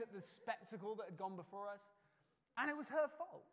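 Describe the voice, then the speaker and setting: Man, preacher, animated storytelling, stammering restarts, long hall echo. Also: sits high, moderate pace, pauses often. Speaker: pastor. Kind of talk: sermon with personal story. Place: church hall.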